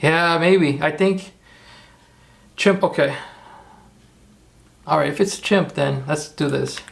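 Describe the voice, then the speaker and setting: Brief: male streamer, gravelly, pitched a bit high, rambling commentary. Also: slow pace. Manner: thinking aloud, rambling, self-correcting. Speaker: streamer making AI videos. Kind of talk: live-stream screen-work commentary.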